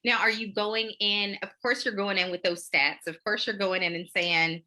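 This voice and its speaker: A woman's voice: mid-range voice, steady tone, moderate pace, hardly any pauses, bright, forceful tone. A woman hosting a casual chat, asking leading questions and laughing often.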